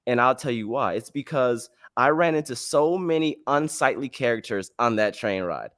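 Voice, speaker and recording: A man's voice: mid-range voice, lively intonation, moderate pace, a bit bright, no room sound, clean studio sound. A man hosting a podcast, telling a travel story in casual slang and acting out the dialogue. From United States. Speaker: podcast host.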